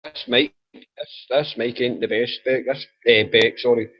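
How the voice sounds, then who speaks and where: A man's voice: mid-range voice, very animated, moderate pace, gravelly. A man with a Scottish accent in a casual group voice chat, joking and swearing as he tells stories. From Scotland. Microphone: old computer mic. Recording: dull old microphone.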